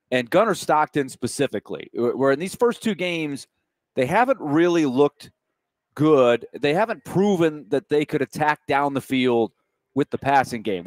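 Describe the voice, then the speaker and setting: A man's voice: on the high side, dry recording. Male sports radio host, dry close sound. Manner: introduces the guest and sets up questions.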